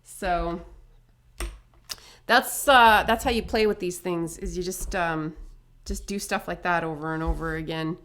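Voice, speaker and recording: A woman giving a casual face painting tutorial, chatty and upbeat, full of asides and quick tag questions. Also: on the low side, fairly bright tone, slight background noise.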